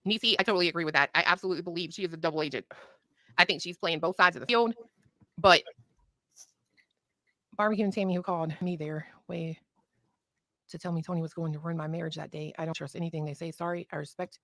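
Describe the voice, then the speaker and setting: A woman's voice: lowish voice, fairly even intonation, fast, long pauses, sharp tone, no room sound. Blunt, heated woman, dry close sound. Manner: blunt and heated, heavy profanity. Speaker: guest on a livestream. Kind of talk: casual chat.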